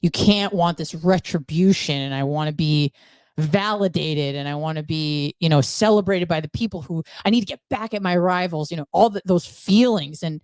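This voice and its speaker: A woman's voice: lowish voice, moderate pace, darkish tone, no room sound. A woman guest on a podcast, telling her story bluntly with frequent swearing. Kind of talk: candid conversational storytelling.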